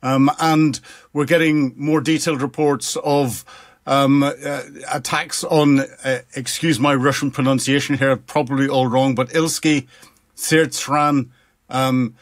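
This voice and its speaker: A man with a Northern Irish accent hosting a radio interview show, talking in a relaxed way with lots of ums and uhs. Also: mid-range voice, a little slow. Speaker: host.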